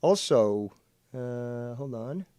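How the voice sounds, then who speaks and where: A man's voice: medium pitch, lively intonation, drawn-out words, mellow, a little hiss or hum. A man hosting a livestream commentary show, mocking and sarcastic. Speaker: show host.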